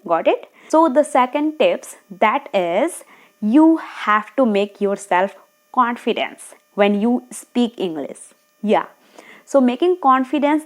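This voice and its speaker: A woman giving earnest, encouraging speaking tips straight to camera, talking fast at times and checking in with her viewers. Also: a little high, darkish tone. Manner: talks fast, sometimes slows down deliberately. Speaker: English-speaking coach. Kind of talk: tutorial monologue to camera.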